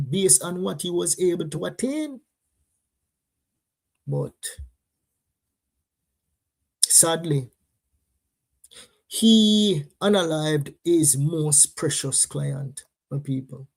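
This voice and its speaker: Jamaican woman, news commentary host, unhurried and emphatic delivery. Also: fairly low pitch. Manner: animated, emphatic, drops into patois. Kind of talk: casual commentary in patois.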